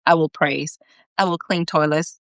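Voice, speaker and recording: A woman's voice: sits low, steady tone, unhurried, no echo, clean studio sound. A woman voicing an earnest young male soldier who pleads and bargains stubbornly, read aloud from her own story. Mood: pleading.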